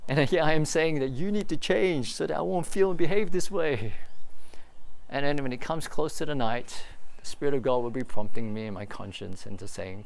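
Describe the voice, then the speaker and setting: Pastor guy in his 30s preaching, earnest, keeps asking the crowd questions, mid pitch. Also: normal speed, creaky, a little mellow. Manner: earnest, confessional, with rhetorical questions. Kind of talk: sermon.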